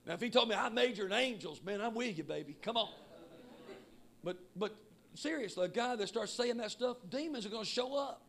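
A man preaching a sermon with emphatic shouting that drops to quiet asides. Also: high voice, expressive, fairly quick, creaky. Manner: shouting, emphatic, swinging between loud and quiet. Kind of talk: Pentecostal sermon.

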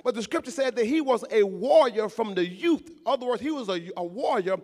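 A man's voice: high-pitched, animated, a little fast, darkish tone. A man preaching a sermon, speaking emphatically, repeating his words and calling on the congregation to respond. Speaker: pastor. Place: church sanctuary. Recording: long hall reverb in a church.

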